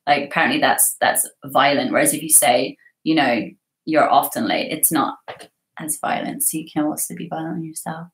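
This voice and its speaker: A woman's voice: deep voice, brisk, fairly bright tone. A young woman hosting a casual livestream, chatting and giggling as she reads viewer comments. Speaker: livestream host. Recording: roomy echo.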